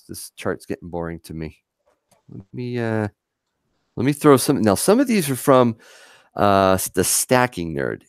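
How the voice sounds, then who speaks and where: A man's voice: lowish voice, no room sound, clean studio sound. A man co-hosting a casual livestream, chatty and laughing often as he reads comments aloud. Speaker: livestream co-host. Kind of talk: casual live chat.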